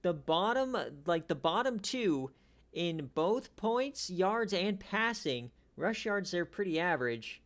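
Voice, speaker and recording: Hosting a league stream, a man speaks slowly through lighthearted play-by-play recaps, moving back and forth between low mutters and excited shouts.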